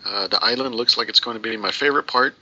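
A man's voice: medium pitch, fast talker, sharp tone. A man co-hosting a podcast, reading listener posts aloud in a playful, jokey way. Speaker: podcast co-host. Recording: muffled lo-fi audio.

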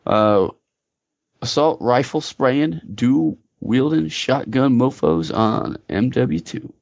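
A man's voice: mid-range voice, lively intonation, takes it slowly, creaky, a little mellow, no echo, dull audio. A man co-hosting a casual gaming podcast, joking around and reading listener submissions. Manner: jokey, drops into silly put-on voices. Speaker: podcast co-host.

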